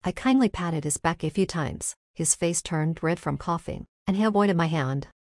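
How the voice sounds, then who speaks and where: A woman reading a first-person story aloud as narrator, in an even storytelling manner. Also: on the low side, moderate pace, no room sound. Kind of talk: scripted narration.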